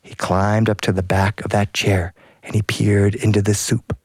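A male storyteller telling a folk tale in a playful, lively, sing-song way. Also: fairly low pitch, moderate pace, slightly rough, no room sound. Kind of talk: animated storytelling.

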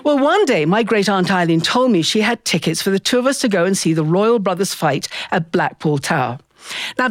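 Lively woman telling a personal story. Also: lowish voice, no echo, studio quality. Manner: lively and expressive, acts out voices in the story.

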